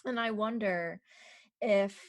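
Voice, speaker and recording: A woman's voice: medium pitch, slow, no echo. A woman hosting a podcast interview, asking reflective, thoughtful questions. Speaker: podcast host. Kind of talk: casual interview.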